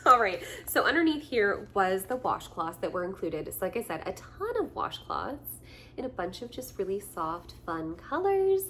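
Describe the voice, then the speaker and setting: A bubbly woman vlogger gushes over the things she unboxes at home, her voice swinging high and low as she talks. She laughs often and chats along with plenty of asides, while a faint hiss sits under her voice. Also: measured pace. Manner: gushing and excited, laughs often; chatty with frequent fillers. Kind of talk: casual chat, unboxing gifts.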